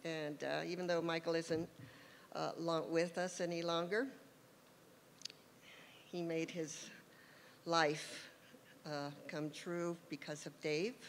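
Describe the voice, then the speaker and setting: A woman speaks slowly in a heartfelt, halting tribute, with a slightly low voice. Long hall reverb and faint background noise surround her. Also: fairly even intonation. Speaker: inductee's wife giving a tribute. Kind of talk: award tribute speech. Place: large hall at an award show.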